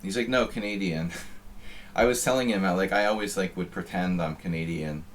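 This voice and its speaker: Deep-voiced man chatting offhand. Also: fairly quick, slight background noise. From United States. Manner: rambling, offhand and wry. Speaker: chess streamer. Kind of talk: casual chat while playing online chess.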